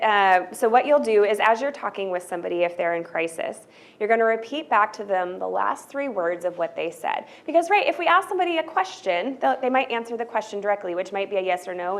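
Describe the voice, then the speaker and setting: Woman trainer, easygoing workshop delivery, middle-pitched, lots of "right?" tags. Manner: conversational, often checks in with "right?"; loose, filler-heavy delivery with restarts. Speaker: workshop presenter. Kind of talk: college staff training talk.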